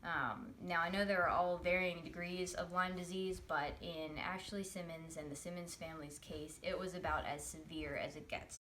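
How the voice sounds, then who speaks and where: Bright-voiced young woman, earnest and chatty. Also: fairly low pitch, steady tone, moderate pace, hardly any pauses, slight background noise. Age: young adult. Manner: chatty and earnest, with many fillers. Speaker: college student telling a friend's story. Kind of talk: direct-to-camera video message.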